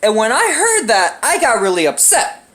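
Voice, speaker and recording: A young woman tells a story straight to her camera in a high, bouncy voice that leaps up and down. She rambles and swears freely, tucking "right?" and "you know" into almost every sentence. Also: very animated, normal speed, a bit bright. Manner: acts out quoted lines in shifted voices. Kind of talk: casual storytime vlog.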